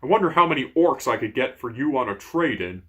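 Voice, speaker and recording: A man voicing a huge, short-tempered frost giant who shouts and scolds in a raised voice. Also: mid-range voice, big pitch swings, fairly quick. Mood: furious.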